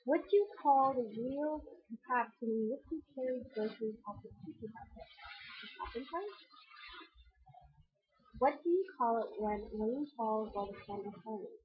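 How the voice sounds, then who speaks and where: Husky-voiced woman vlogger, tinny sound. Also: on the high side, normal speed. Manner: chatty, reads a word list aloud, giggles between answers. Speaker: vlogger hosting her channel. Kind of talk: casual chat to camera.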